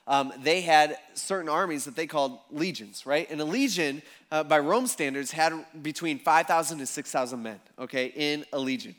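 Casual, animated male pastor preaching. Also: fairly high pitch. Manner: casual, animated storytelling with slang. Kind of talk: sermon.

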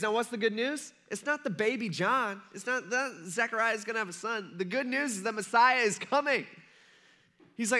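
A man's voice: high voice, expressive, moderate pace, sharp tone. A pastor preaching a sermon that retells a story in a casual, chatty way and speaks straight to his congregation.

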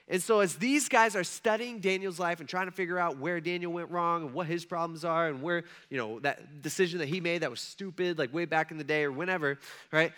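A young man preaching a casual sermon, telling stories in a chatty, animated way with lots of fillers. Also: sits high. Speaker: pastor.

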